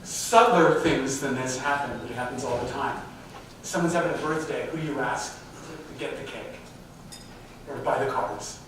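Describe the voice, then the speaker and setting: A man's voice: mid-range voice, normal speed, fairly bright tone, slight background noise. A man giving a live talk on diversity to a company audience, speaking directly and putting questions to the listeners. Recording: very echoey hall, mic far off.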